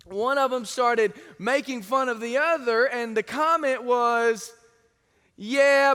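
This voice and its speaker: A male pastor with a very high, bright voice delivers a sermon full of stories. He tells them in a lively way and drops into the voices of others. The sound carries a long reverb from the church sanctuary. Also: clear, resonant tone. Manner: lively storytelling, acts out quoted voices. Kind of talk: sermon with anecdotes.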